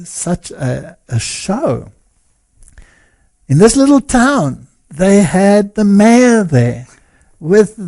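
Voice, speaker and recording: A man recounts a story in an interview, unhurried and slow, his voice sitting a little high. He tells it in an animated way and chuckles often. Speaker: guest speaker and lecturer.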